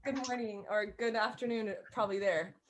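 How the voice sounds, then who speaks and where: Over a video call, a woman leads a fiddle class, chatting casually and frequently restarting or rephrasing her explanations. Her voice sits in the mid-range, with a steady tone and a normal speed.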